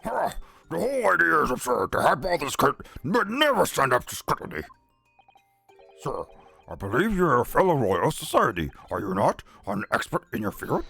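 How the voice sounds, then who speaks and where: Someone putting on a pompous Victorian gentleman scientist. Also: mid-range voice, big pitch swings, normal speed, vocal fry, husky, dry recording, soft background music, full character voice. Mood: scornful. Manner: haughty, dismissive.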